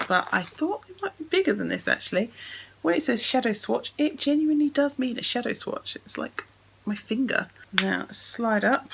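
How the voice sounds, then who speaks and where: A woman's voice: mid-range voice, gravelly, background noise. A woman chatting casually as she unboxes and swatches makeup, thinking aloud as she goes. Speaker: beauty vlogger.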